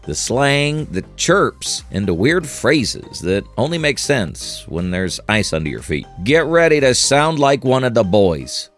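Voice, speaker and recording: A man's voice: medium pitch, sing-song, unhurried, few pauses, soft background music. A man narrating a scripted explainer in a joking, buddy-like way. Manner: joking, buddy-style delivery. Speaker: narrator of a hockey channel.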